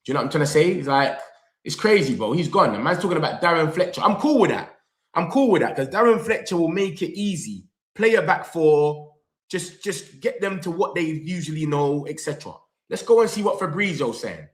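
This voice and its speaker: A young man, hosting a football fan reaction vlog. He talks in an animated, slangy way, straight to his viewers, and reads their comments aloud. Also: on the high side, brisk. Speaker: football fan channel host. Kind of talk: excited live reaction vlog. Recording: echoey room.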